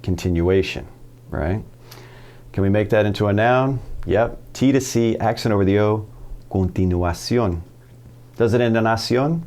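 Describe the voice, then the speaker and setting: A man with a somewhat low-pitched voice teaches a relaxed video lesson. He keeps it upbeat, firing questions at the viewer and answering them himself as he walks through each step. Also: normal speed. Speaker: Spanish teacher.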